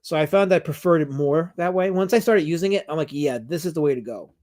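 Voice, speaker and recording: A man's voice: on the high side, fast talker, a little mellow. A man hosting a casual livestream, reading out chat comments and rambling with many restarts and fillers.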